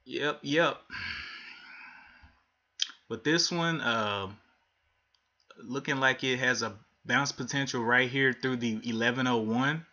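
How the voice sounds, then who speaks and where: Bright-voiced man streaming day trades. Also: mid-range voice, measured pace, muffled recording. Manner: frustrated, thinking aloud while watching charts. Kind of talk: live trading commentary.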